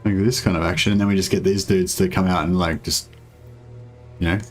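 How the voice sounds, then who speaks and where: Young aussie streamer guy, low voice, rambly and hesitant commentary. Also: steady tone, a little fast, soft background music. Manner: rambling, hesitant, many fillers, chuckles. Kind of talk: casual gameplay commentary.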